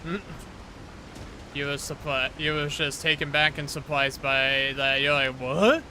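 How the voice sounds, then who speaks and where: A man's voice: fairly high pitch, completely flat delivery, a little slow, sharp tone, a little hiss or hum. A man streaming a horror game, chatting casually with his viewers in a rambling way. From Detroit, Michigan. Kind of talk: casual gameplay commentary.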